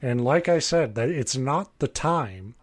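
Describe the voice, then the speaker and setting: A man's voice: mid-range voice, lively intonation, measured pace, dry recording. Casting: man, mid-range voice, blunt and profane, dry close sound. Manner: blunt, profane, annoyed ranting. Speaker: podcast co-host. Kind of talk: casual chat.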